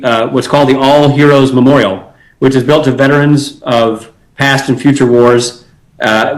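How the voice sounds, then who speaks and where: A man's voice: medium pitch, rough recording. A man from Nashville, Tennessee, guest on an interview, talking in an easygoing, chatty way with many fillers. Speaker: actor guest. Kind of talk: casual interview.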